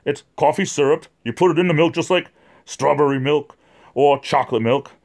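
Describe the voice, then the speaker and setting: A New England man with a voice on the high side, a little mellow and touched with vocal fry, talks at a normal speed. He hosts a casual livestream, rambling along chattily, greeting viewers in the chat by name, with plenty of fillers and repeated words.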